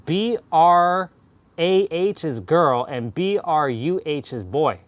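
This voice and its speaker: A man's voice: fairly high pitch, lively intonation, slow pace. A young man in casual chat while working out, joking and swearing loosely, repeating himself, a bit winded between sets. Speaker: fitness vlogger.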